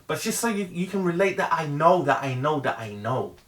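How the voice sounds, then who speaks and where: A man's voice: on the high side, sing-song, a bit bright. A middle-aged man giving an earnest, emphatic motivational monologue, repeating himself for emphasis and stumbling into restarts. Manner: earnest, emphatic, heavily repetitive; halting restarts. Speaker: vlogger.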